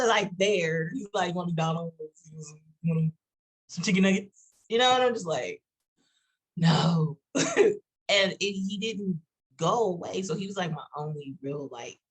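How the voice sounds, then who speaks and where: A woman from Texas with a Texas accent, talking casually on a panel in a halting way with many restarts and fillers. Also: low-pitched, husky, rough recording.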